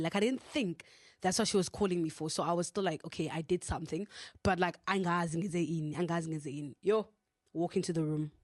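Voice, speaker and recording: A woman's voice: on the low side, no room sound, clean studio sound. A young woman from South Africa with a South African accent, out of breath, chatting casually as a podcast host and rambling with lots of fillers. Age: young adult. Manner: chatty, rambling, with many fillers and self-corrections. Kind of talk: casual storytime chat.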